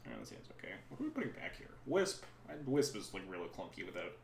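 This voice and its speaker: A man's voice: deep voice, very animated, quick pace, vocal fry, reverberant, slight background noise. A man streaming a card game from home, giving casual, rambling commentary that keeps breaking off mid-sentence. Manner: chatty, rambling, self-interrupting. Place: room at home.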